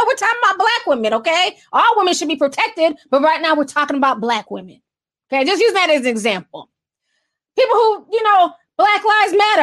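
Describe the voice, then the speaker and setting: A woman with a high voice runs a casual livestream, reading out viewer messages and trading gossip. She talks in a sassy, chatty way and mocks people by acting out their quotes. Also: lively intonation, a little fast, a bit bright. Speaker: livestream host reading super chats. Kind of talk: casual celebrity gossip commentary.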